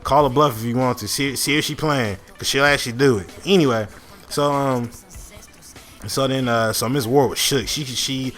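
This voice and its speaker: This gaming channel host is a young man spinning a long, casual story while he plays, stumbling through fillers and restarts and swearing often. His voice sits at medium pitch, a bit bright, at a moderate pace, with faint music behind him.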